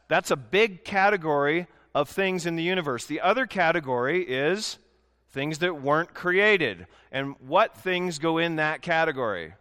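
A man's voice: mid-range voice, a bit bright, in a large hall. A man preaching a sermon as pastor in a church, emphatic and given to repeating key words for weight. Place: church sanctuary.

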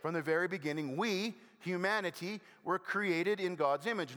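An older man preaching a sermon as a pastor, conversational with gentle self-deprecating humor and halting restarts. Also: fairly high pitch. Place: church sanctuary. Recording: long hall reverb.

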